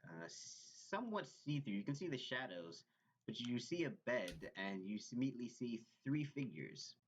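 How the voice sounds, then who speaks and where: A man's voice: mid-range voice, big pitch swings, moderate pace, a little hiss or hum. A man narrating as game master of a tabletop game, hesitant and full of fillers and restarts. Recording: dull lo-fi recording.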